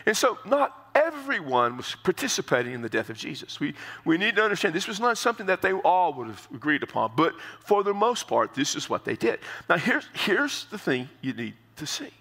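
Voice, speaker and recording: A man preaching an expository sermon, earnest and explanatory, often repeating words and climbing higher as he drives a point home. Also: very animated, fairly quick, hardly any pauses, bright, forceful tone. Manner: earnest, repeats words while explaining, rises in pitch for emphasis.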